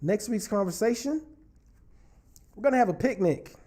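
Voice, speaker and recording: A man's voice: sits high, lively intonation, normal speed, mellow. A man hosting a relationship talk show, chatting casually and playfully teasing his viewers as he reads their comments. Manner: playful, teasing, talks straight to the audience. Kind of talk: casual livestream chat reading viewer comments.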